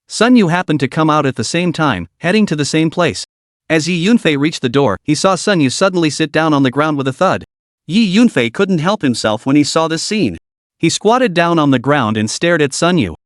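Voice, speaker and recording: Man narrating an animated comic recap. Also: fairly high pitch, brisk, no echo, clean studio sound.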